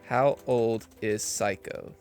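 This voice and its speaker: A man's voice: on the low side, fairly even intonation, a little mellow, clean tone, faint music behind. A young man co-hosting a screenwriting podcast, chatting casually, rambling and laughing at his own jokes. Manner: joking, rambling, quick to laugh. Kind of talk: casual chat.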